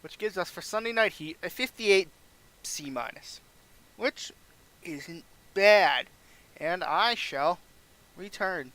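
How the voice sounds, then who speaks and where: A man's voice: high-pitched, lively intonation, takes it slowly, long pauses, sharp tone, no room sound. A man casually narrating a wrestling management game playthrough, recapping matches and reading scores aloud.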